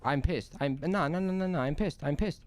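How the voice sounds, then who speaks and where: With a voice on the high side at normal speed, a young man streams himself playing a game, offering let's play commentary. He's jumpy, swears, and mutters to himself as he goes.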